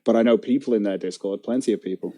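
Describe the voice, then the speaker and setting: A man's voice: fairly low pitch, quick pace, dark tone. A man streaming live and commenting casually in a profane, giggly, mocking way.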